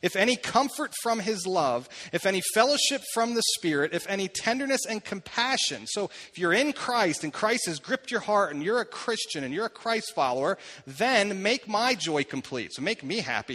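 A man's voice: high voice, a bit bright. A man in his thirties preaching a sermon, talking conversationally and putting questions to the congregation. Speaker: pastor. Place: church hall. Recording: long hall reverb.

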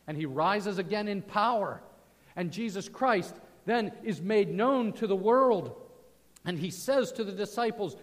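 Male pastor preaching, fairly high voice, goes loud then real hushed, long hall echo. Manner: swings from loud proclaiming to soft hushed tones. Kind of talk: sermon.

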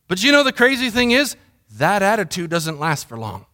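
Middle-aged man, pastor, sermon delivery with a high-set voice, chatty and story-driven. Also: lively intonation, a little fast, bright, forceful tone. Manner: conversational storytelling, mimics sounds.

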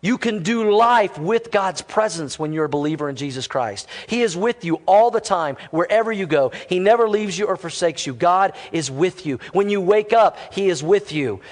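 A middle-aged man preaching a sermon to his church, lively and conversational with quick casual asides. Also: sits high, long reverb tail. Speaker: pastor.

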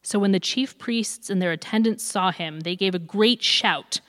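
A woman reading a long scripture passage aloud in clear, even narration. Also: medium pitch, moderate pace. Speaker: scripture reader. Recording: long hall reverb.

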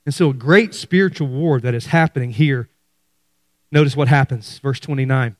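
Man, middle-aged, pastor, animated sermon delivery. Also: medium pitch, moderate pace, no room sound, studio quality. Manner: animated preaching, addresses congregation as y'all.

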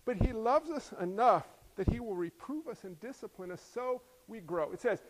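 A middle-aged man preaching a sermon, animated and acting out voices as he tells stories. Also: high-pitched, normal speed. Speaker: pastor.

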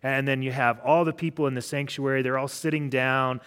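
A man's voice: medium pitch, steady tone, brisk, fairly bright tone, smooth. Middle-aged male pastor, chatty sermon delivery, ordinary mid-range voice, thinks aloud mid-sentence. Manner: casual storytelling with frequent restarts. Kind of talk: conversational sermon.

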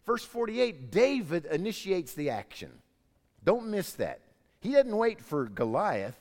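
Animated preacher in a reverberant hall. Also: male voice, sits high, a little slow. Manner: animated storytelling, acts out voices in anecdotes. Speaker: pastor. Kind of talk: sermon.

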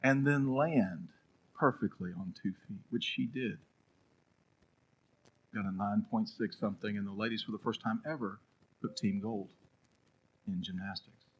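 A man preaching a sermon as pastor, telling a story, then swinging between loud urging and a hushed, prayerful hush. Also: lowish voice, measured pace, pauses often, slight background noise, rough recording.

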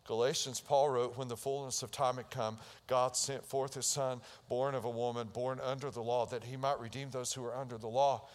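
A male pastor preaches a sermon, retelling Bible stories and acting out the voices in them with rising intensity. His mid-range voice is delivered flatly at a normal speed with hardly any pauses, and the recording has a big-room sound.

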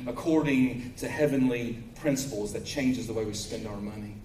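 A pastor with a Kentucky accent, preaching a sermon in a folksy way that swings between loud preaching and quiet storytelling. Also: male voice, medium pitch, normal speed, hardly any pauses, reverberant, far from the mic, a little hiss or hum, rough recording. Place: church sanctuary.

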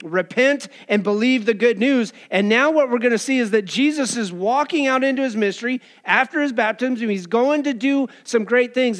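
High-voiced male pastor preaching. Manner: lively, acts out quoted voices, casual asides. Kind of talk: sermon.

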